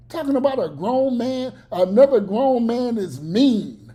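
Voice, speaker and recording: Slow, mellow-voiced blunt male commentator. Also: very high-pitched, very animated. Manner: blunt, profane, preachy. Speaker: reaction video commentator. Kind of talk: casual reaction commentary.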